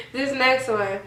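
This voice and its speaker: A woman's voice: sits high, echoey room, far from the mic, poor audio. A woman, chatting animatedly to her viewers in a casual commentary. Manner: animated, addresses viewers as y'all. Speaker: vlogger.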